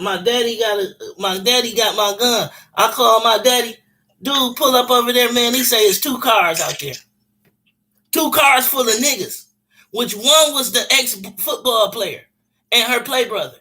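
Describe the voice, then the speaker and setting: Man, casual storyteller, bright and forceful, blunt, profane street slang. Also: very high voice, moderate pace.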